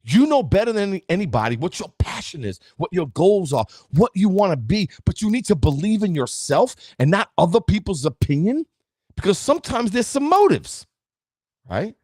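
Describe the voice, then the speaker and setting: A man's voice: high-pitched, big pitch swings, moderate pace, darkish tone, dry recording, studio quality. A man giving a live-streamed motivational talk, emphatic and preachy, often asking "right?" and greeting viewers by name. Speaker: motivational speaker.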